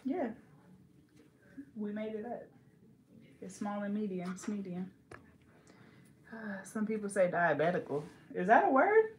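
A woman's voice: mid-range voice, expressive, a little slow, pauses often, a little mellow, echoey room, slight background noise. A young woman from California, a hair braider, chatting playfully and teasing while she works, laughing often. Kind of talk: casual chat while braiding.

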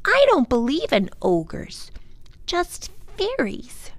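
A woman's voice: wildly swooping pitch, takes it slowly, no room sound, heavily acted. A woman doing a spirited little girl. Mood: defiant. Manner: high, emphatic and insistent. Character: spirited young girl, defiant and eager.

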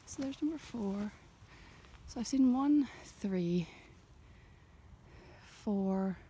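A young woman doing soft-spoken ASMR outdoors in a sheep field, talking gently and chattily, often in a half-whisper. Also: medium pitch, animated, extremely slow, breathy edge. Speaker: ASMR creator and farmer.

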